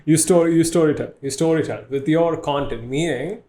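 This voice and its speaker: A man from India hosting a relaxed podcast, speaking English with an Indian accent in a slightly raised voice. He jokes, teases and laughs easily as he chats. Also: fairly high pitch, brisk. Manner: joking, animated, laughs often. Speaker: podcast host, art teacher. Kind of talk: casual podcast chat.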